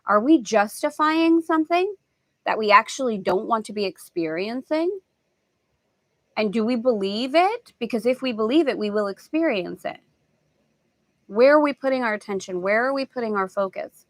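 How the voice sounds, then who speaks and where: A woman's voice: fairly high pitch, animated, moderate pace, dry recording. A middle-aged woman hosting a spiritual lesson talk, telling stories with animation and acting out family voices. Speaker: host.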